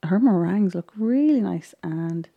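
A woman's voice: fairly low pitch, expressive, normal speed, creaky, dull audio. A woman vlogger chatting casually as she recaps a baking show, rambling with frequent ums and little laughs. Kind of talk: casual chat.

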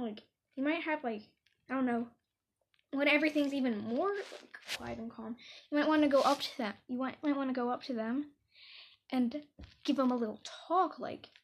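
A woman's voice: high voice, a little hiss or hum. A woman vlogger giving unscripted advice, rambling and hesitant with lots of fillers and restarts. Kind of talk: unscripted casual advice talk.

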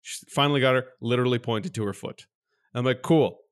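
A man co-hosting a podcast, telling a story in casual chat and jumping up in pitch when he acts out his exasperation. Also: brisk. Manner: animated storyteller, jumps high when mimicking exasperation. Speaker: podcast co-host.

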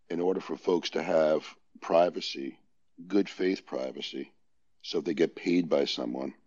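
Very deep-voiced New York man. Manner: explanatory, measured, thinks aloud with fillers. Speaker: guest on a legal podcast. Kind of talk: casual panel discussion. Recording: dull lo-fi audio.

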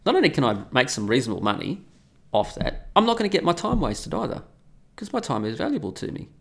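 A man's voice: medium pitch, sing-song, fast, gravelly. A man in an opinionated, casual ranting monologue who swears freely.

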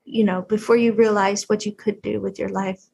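A woman's voice: medium pitch, level tone, normal speed, gravelly, mellow, slight background noise, poor audio. A woman, a Navy recruiter co-hosting a podcast, asking questions in a hesitant way with fillers. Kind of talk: casual interview questions.

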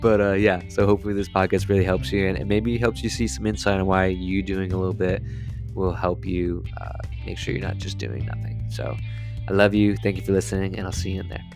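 A man's voice: low voice, fairly quick, creaky, over music. A man hosting his own health and wellness podcast alone in his apartment, talking casually in a goofy, self-mocking way and laughing often. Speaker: podcast host and health coach. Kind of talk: casual solo podcast monologue.

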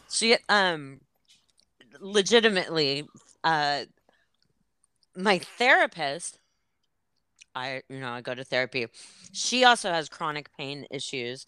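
A woman's voice: sits low, fairly bright tone, clear, resonant tone, dry recording, studio quality. A woman hosting a podcast in casual chat, rambling and laughing as she cuts herself off. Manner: rambling, laughing, self-interrupting. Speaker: podcast host.

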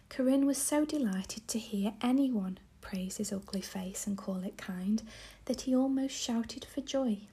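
A woman reading a children's story aloud in a slow, gentle whisper. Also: fairly high pitch.

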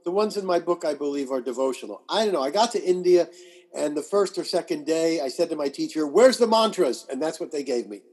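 A man with a husky voice that sits a bit high for a man. He talks as an interview guest, spinning lively anecdotes and acting out what people said. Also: fast. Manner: animated anecdotes with acted-out quotes and laughs. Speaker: guest, astrologer and author. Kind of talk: conversational storytelling.

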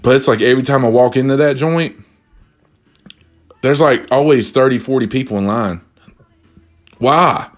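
A young man telling a comedic story casually, profane and animated, jumping from high exclamations to low asides. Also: normal speed, pauses often, soft background music. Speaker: vlogger.

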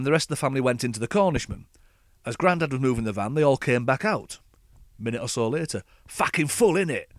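A man's voice: medium pitch, no room sound. A man hosting a podcast, telling a scripted comic rant in a sardonic, dry way. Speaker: podcast host.

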